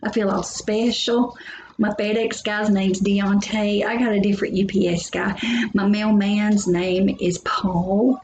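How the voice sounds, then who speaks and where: A woman's voice: mid-range voice, flat delivery, a little slow, a little mellow, highs cut off. A woman teaching a biology lesson in a chatty, joking way, talking straight to her students. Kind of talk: recorded lecture. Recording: echoey room, faint hum.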